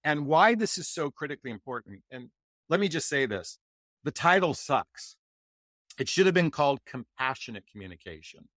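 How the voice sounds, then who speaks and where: An animated, enthusiastic man from the United States, a relationship coach talking as a guest in a podcast interview and acting out example replies. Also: a little high, normal speed, no echo.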